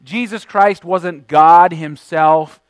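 A man with a notably high voice delivers a sermon from a dry, close recording. He preaches emphatically, slowing and growing louder on the words he wants to stress, and often repeats a word before finishing a phrase. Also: smooth, no echo, low-quality recording. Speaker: pastor.

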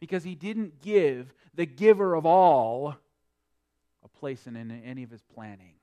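A man preaching a sermon, swinging between quiet explanation and loud emphatic preaching. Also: on the high side, animated, measured pace, clean tone. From North Dakota. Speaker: pastor.

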